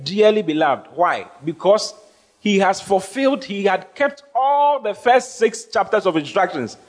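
With a high voice, wide pitch swings, and an unhurried pace, a man preaches from the pulpit as pastor. He speaks emphatically, climbing toward stressed phrases, and keeps asking the congregation questions in call-and-response fashion.

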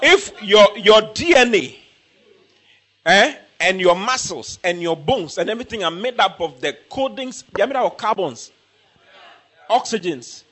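Man, preaching a sermon, high pitch, bright edge, emphatic, repeats himself, shouts at times. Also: lively intonation, unhurried. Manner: emphatic, repetitive, bursts into shouting.

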